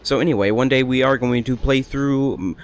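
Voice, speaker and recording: A man's voice: mid-range voice, normal speed. A young man rambling chattily through casual gameplay commentary as a let's play host. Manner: rambling, chatty, self-amused.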